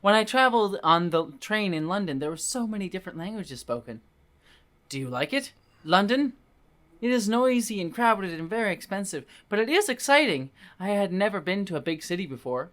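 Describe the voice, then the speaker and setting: Earnest young foreign woman, halting and lilting, bright tone, done by a man. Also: sits high, sing-song, voice pushed up.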